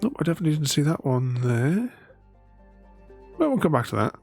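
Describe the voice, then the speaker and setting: Man, gravelly voice, rambling live-stream chat, faint game music behind. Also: fairly high pitch, very animated, a little fast, darkish tone. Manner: rambling and chuckly, chatting with viewers. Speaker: gaming streamer. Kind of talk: casual live-stream commentary.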